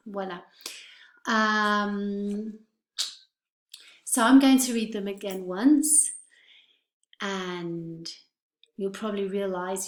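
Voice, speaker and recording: A woman teaching English pronunciation, careful and clear, repeating words for her students. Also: mid-range voice. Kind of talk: online lesson. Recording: roomy echo.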